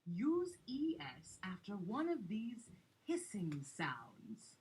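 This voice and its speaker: A woman voicing an excitable inventor who shows off a machine in an educational cartoon, speaking theatrically. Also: medium pitch, takes it slowly, husky, heavily acted. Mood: instructive. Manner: theatrical, exclamatory. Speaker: scientist presenting an inventor's lab. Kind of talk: animated educational video narration.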